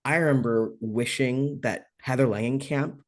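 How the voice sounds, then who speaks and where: A man's voice: mid-range voice, normal speed. A man in a casual horror podcast chat, talking thoughtfully with loose filler words.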